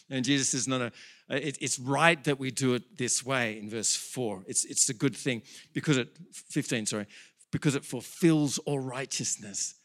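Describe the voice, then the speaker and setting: A pastor with a medium-pitched voice preaches an animated sermon that builds to excited peaks, quickly correcting himself along the way.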